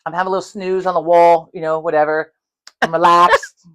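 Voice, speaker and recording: Her voice is on the low side and clean in tone, and she speaks fairly quickly. As co-host of a casual podcast, she tells a story packed with swearing, animatedly acting out each side of the dialogue.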